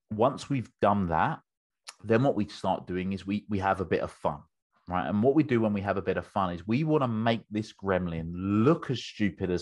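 A British man, a business coach, explaining a method with enthusiasm as an interview guest, often restarting his sentences. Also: deep voice.

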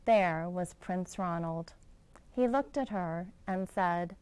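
A woman, a school director, reading a children's picture book aloud in a gentle storytelling manner. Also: on the low side, slow pace, smooth, low-quality recording.

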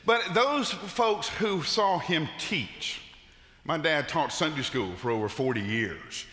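A man's voice: on the high side, expressive, slow pace, pushed and bright. Man, middle-aged, pastor, sermon, folksy with fillers, echoey sanctuary, long reverb. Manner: folksy storytelling with frequent "uh" fillers. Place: church sanctuary. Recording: reverberant church hall.

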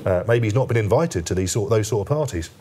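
A man's voice: fairly low pitch, expressive, fast talker, mellow, a little hiss or hum. A male journalist guest on a TV newspaper review, talking in stops and starts with a light joking tone. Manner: hesitant, many fillers and restarts, lightly joking. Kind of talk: studio discussion.

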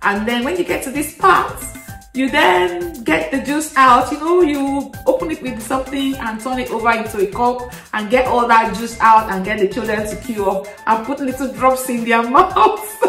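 A woman talks to camera in a relaxed, chatty way, laughing often and bringing her stories to life. Her voice sits fairly high. She sounds a little distant from the mic in an echoey room, with faint music underneath. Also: unhurried. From Nigeria. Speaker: vlogger. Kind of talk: casual chat to camera.

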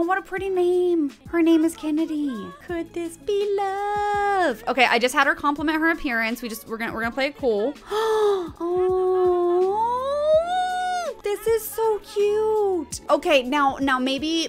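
A woman streamer giving bubbly, chatty commentary while playing a life-sim game, often gasping with excitement and talking to her viewers. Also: on the high side. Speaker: gaming streamer. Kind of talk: casual gameplay commentary.

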